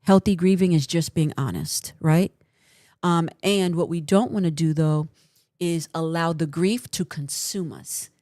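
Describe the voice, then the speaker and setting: A woman's voice: low voice, measured pace, dark tone, no echo, studio quality. A woman hosting a livestream, giving earnest, encouraging counseling advice in casual talk and often checking in with "right?".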